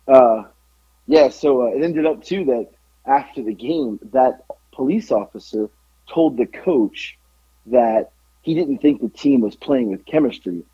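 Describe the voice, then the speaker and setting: Rambling man with a husky, dark voice. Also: mid-range voice, a little slow, dry recording, muffled recording. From south side of Atlanta. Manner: rambling, lots of "like", swearing. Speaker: podcast co-host. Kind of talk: casual storytelling.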